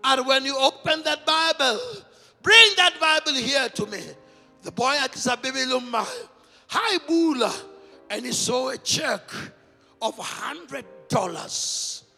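A man preaching a sermon as pastor, shouting his points and switching between languages. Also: very high-pitched, a little slow, long reverb tail, faint music behind. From South Africa.

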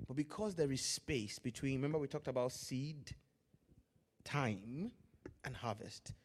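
A man preaching a sermon, swinging from loud, drawn-out lines to hushed asides, with Pidgin phrases mixed in. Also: medium pitch. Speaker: pastor.

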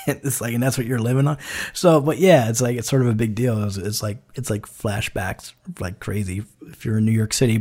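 A man's voice: medium pitch, a little mellow, breathy edge. A man hosting his own podcast, talking off the cuff in a rambling way and swearing freely. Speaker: podcast host. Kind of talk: casual solo podcast outro.

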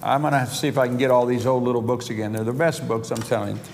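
A man's voice: medium pitch, steady tone, fast, vocal fry, darkish tone. A middle-aged man preaching a sermon, telling stories with chuckles and quoting conversations in his own voice. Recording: reverberant hall, faint background noise.

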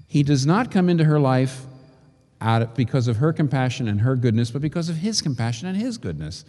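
A male pastor delivers his sermon with animated pitch, rising and falling across questions and emphatic lists. His voice rings with the long reverb of a large hall. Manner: expressive preaching with rhetorical questions and slow emphatic lists.

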